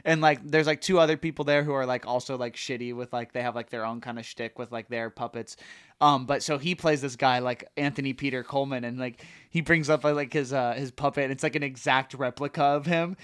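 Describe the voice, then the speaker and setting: A man's voice: medium pitch, fairly even intonation, fairly quick, fairly bright tone, clear, resonant tone. A man hosting a podcast, chatting loosely and retelling comedy sketches in a rambling way, full of fillers. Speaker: podcast host. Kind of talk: casual chat.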